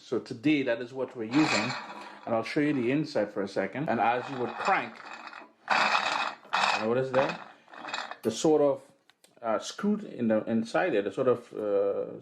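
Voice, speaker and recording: A man's voice: medium pitch, darkish tone. Upbeat guy walking you through a recipe in his kitchen, friendly and chatty. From Caribbean. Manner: upbeat, chatty, calls viewers "man". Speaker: cooking show host. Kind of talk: home cooking demonstration. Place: home kitchen and living room.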